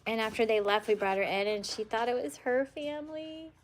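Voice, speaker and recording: Chatty woman breeder, high voice. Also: lively intonation, a little fast, slight background noise. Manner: chatty, rambling, with fillers and restarts; coos baby talk at the dogs. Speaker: dog breeder hosting a livestream. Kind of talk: casual livestream chat. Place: at home with a litter of puppies.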